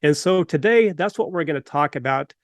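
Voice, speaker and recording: A man's voice: a little high, a little fast, dry recording, clean studio sound. Man telling a story on his podcast. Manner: animated anecdotal storytelling. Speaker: podcast host.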